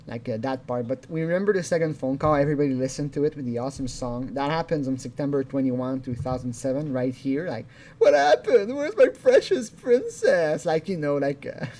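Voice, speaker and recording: A man's voice: medium pitch, darkish tone. A man hosting a casual video commentary, rambling along with chuckles and restarts. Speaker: channel host.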